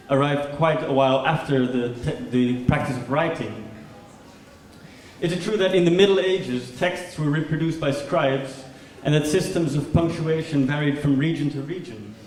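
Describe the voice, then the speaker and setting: A man's voice: a little high, moderate pace, a little mellow. Man asking questions in an echoey hall. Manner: asks everything as questions, rising intonation. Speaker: performance speaker. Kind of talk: performative lecture in questions. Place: large lecture hall. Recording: echoey hall from far off, faint noise.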